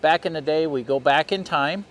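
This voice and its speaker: A man's voice: a little high, moderate pace. A middle-aged man, a guest reenactor talking in an easygoing, plain-spoken way. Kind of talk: casual interview.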